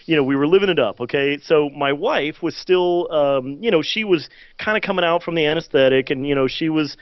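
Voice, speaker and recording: A man co-hosting a podcast, telling a long story in casual chat, animated with many fillers and loud acted-out quotes. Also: a little high, brisk, no echo, highs cut off. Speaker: podcast co-host.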